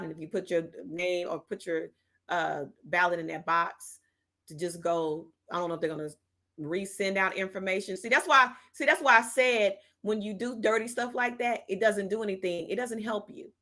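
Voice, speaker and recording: With a mid-range, slightly bright voice and vocal fry, she hosts a live political talk stream in a casual way. Reading comments from chat, she responds with sassy bluntness and slang such as "okay?", "child," and "honey."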